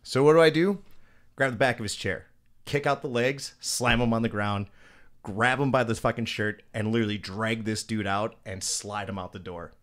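A man with a fairly low voice tells a story on a casual podcast. He talks loosely and swears a lot. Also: normal speed. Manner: profane, animated storyteller. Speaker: podcast co-host.

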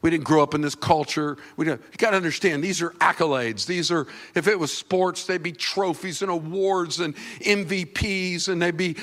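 A man preaching a sermon as pastor, talking conversationally and teasing the congregation, then acting out quotes in sudden high, loud bursts. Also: normal speed, hardly any pauses.

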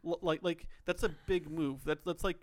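A man's voice: a little high, fairly even intonation, normal speed. A man co-hosting a podcast, musing through ideas in casual chat with lots of "like". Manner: thoughtful, musing, many "like" fillers. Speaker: podcast co-host.

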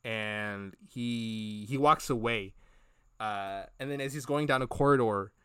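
A man's voice: fairly low pitch, measured pace, bright, forceful tone, smooth, no echo, clean studio sound. A man cohosting a podcast, retelling scenes in a casual, rambling way with many fillers and quoted lines. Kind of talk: casual review chat.

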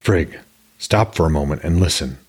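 Male reader voicing a gray-bearded old sage in a fantasy audiobook; deep, husky, stony and flat. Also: moderate pace, exaggerated voice. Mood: stern.

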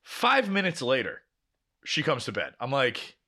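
A young male podcast co-host rambles through a long, profane story in casual conversation, acting out the dialogue as he goes. His mid-range voice swoops wildly in pitch, and he speaks a little slowly with a sharp tone.

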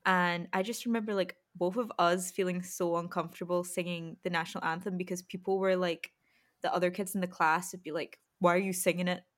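A woman hosting a casual interview, asking relaxed, friendly questions and laughing lightly. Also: lowish voice, a little fast. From Scotland. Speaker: host.

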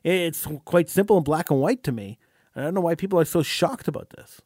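A man's voice: on the high side, brisk, darkish tone, husky, no room sound, studio quality. A man hosting a talk radio show, delivering an impassioned commentary monologue and often repeating words as he starts a phrase.

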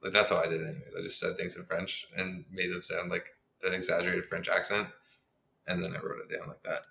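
Deep gravelly man, roomy sound. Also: monotone, fast talker, pushed and bright. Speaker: podcast co-host, author. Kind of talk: casual chat about writing. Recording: roomy with faint background noise.

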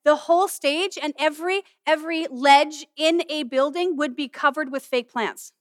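A middle-aged woman pastor giving an animated, humorous sermon in a conversational way. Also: high voice, moderate pace, dry recording, studio quality. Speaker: pastor and student chapel speaker. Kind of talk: sermon with object lesson.

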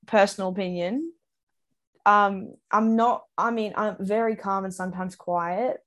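A woman's voice: mid-range voice, fairly even intonation, measured pace, a bit bright. Chatty young woman podcast co-host. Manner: chatty, rambling, self-mocking. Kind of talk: casual chat.

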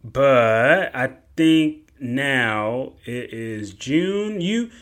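A man's voice: medium pitch, extremely slow. A young man answers listener questions on his own show in a loose, easygoing way. He rambles and circles back to the same points. His voice sits in an ordinary middle register. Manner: relaxed, rambling, repeats himself. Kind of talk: casual Q&A podcast talk.

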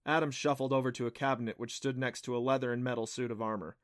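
A man reading a middle-grade adventure audiobook in an even storytelling manner. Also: mid-range voice, quick pace, hardly any pauses, no room sound, studio quality. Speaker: audiobook narrator. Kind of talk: scripted audiobook narration.

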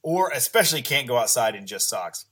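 A man from East Texas, a podcast guest at home, talking in a relaxed, rambling, casual way. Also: mid-range voice, a little fast, husky. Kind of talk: casual chat.

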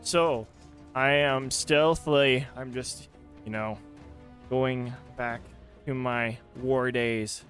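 A man's voice: mid-range voice, fairly even intonation, slow pace, a bit bright, faint music behind. A man playing a tabletop game, asking hesitant questions with fillers. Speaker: player. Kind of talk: casual tabletop play.

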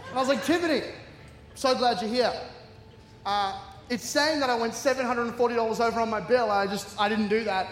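Animated preacher in an echoey hall. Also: male voice, very high voice, brisk, slight background noise. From Australia. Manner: animated storytelling, acting out voices. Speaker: guest preacher. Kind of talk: humorous sermon. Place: large church hall. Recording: echoey hall, long reverb.

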